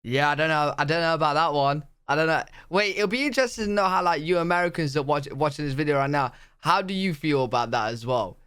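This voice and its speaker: Chatty British man reacting, smooth voice. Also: fairly high pitch, fairly bright tone, no echo. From United Kingdom. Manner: chatty, quick reactions, laughs. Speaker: reaction video host. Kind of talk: casual reaction commentary.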